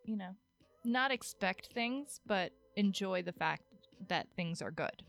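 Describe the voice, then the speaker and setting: A woman in casual chat with a friend, relaxed and talkative, laughing often. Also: medium pitch, unhurried, gravelly.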